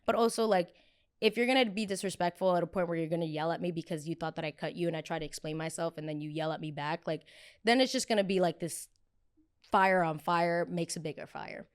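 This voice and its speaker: A woman in her twenties hosting a podcast, telling a story in a casual, animated way, acting out arguments and swearing freely. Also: on the low side, fast, clean tone. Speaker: podcast host.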